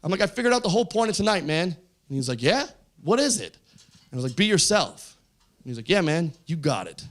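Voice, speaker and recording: A young man doing stand-up storytelling on a comedy club stage, acting out the people in his story and yelling some punchlines. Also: a little high, rapid-fire. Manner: animated, voices quoted friends, yells punchlines. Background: audience laughter.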